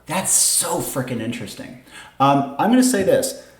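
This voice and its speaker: A man's voice: on the high side, moderate pace. A man running a tabletop game as game master, enthusiastic and encouraging. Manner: enthusiastic, lively. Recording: roomy echo.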